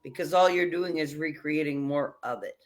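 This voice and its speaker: A woman's voice: deep voice, normal speed. Woman host, casual chat, blunt and punchy, leans on short emphatic lines.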